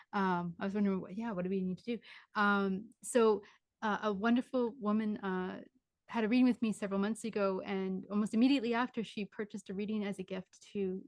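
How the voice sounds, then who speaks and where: A woman giving a live mediumship reading over a video call. She talks quickly and rambles, with lots of "like" and restarts. The sound is dry and close, with no room echo. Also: medium pitch. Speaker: spiritual medium.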